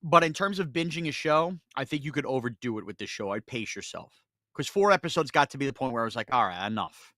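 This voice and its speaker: New guy on sports radio, lively up-and-down voice, dry close mic, jokey storyteller. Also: medium pitch, fast talker, no room sound. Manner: storytelling, animated, self-mocking. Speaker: radio sports show host. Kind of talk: casual radio banter.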